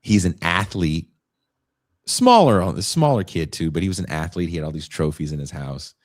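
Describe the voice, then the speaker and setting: Deep-voiced man telling a story. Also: normal speed, no room sound, studio quality. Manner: animated retelling with swearing and acted quotes. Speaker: podcast co-host. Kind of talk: casual chat, storytelling.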